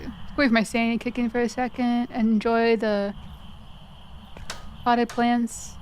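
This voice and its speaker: A woman live-streaming a video game, chatting with viewers and explaining mechanics, her voice cracking and going hoarse. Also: on the high side, flat delivery, moderate pace, long pauses, darkish tone, a little hiss or hum. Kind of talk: live gaming commentary.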